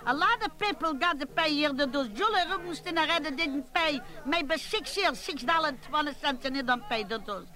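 A woman's voice: sits high, expressive, moderate pace, few pauses, pushed and bright, soft background music, rough recording. A woman playing a gossipy, bossy woman, rambling and scolding in a comic monologue. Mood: gossiping. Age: 80s. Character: gossipy bossy elderly woman at a family gathering.

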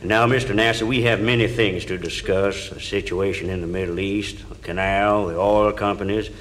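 A man's voice: on the low side, fairly even intonation, moderate pace, lightly acted. A man doing a folksy president. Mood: jovial. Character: male US president, folksy Southern joker. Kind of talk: comedy sketch recording. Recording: loud noise, old comedy record.

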